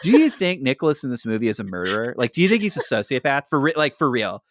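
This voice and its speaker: A man's voice: mid-range voice, fast, no echo, clean studio sound. A man hosting a podcast, chatting casually about a movie and swearing freely. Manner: animated, swears freely, acts out scenes. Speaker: podcast host. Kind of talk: casual movie review chat.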